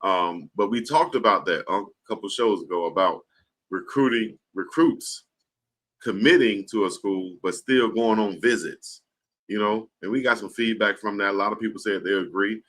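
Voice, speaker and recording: A man co-hosting a casual sports talk show, relaxed and agreeable, giving listeners shout-outs. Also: lowish voice, normal speed. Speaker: co-host.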